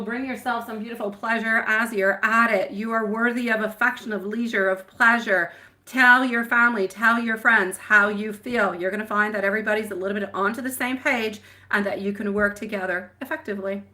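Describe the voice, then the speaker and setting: A woman's voice: on the high side, sharp tone, rough recording. A French woman hosting a live tarot reading, addressing viewers affectionately with pet names. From France. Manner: affectionate, calls viewers sweetie pie. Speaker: tarot reader.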